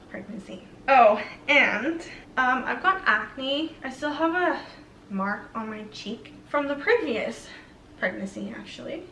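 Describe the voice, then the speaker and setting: A woman's voice: high-pitched, expressive, slow pace, sharp tone, a little hiss or hum. A young woman vlogger chatting casually to camera, rambling with lots of fillers. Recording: roomy, slightly distant mic.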